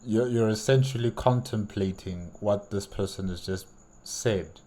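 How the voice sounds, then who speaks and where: A man's voice: lowish voice, unhurried, dark tone. A man hosting a reaction video, easygoing and supportive, explaining things casually. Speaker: reaction channel host.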